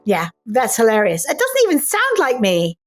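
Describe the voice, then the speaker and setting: A middle-aged English woman chats in an animated, playful way as an interview guest. Her voice sits a little high, and she readily slides into other people's ways of talking. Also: moderate pace, soft background music. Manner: animated and playful, slipping into mimicry. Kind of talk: casual interview chat.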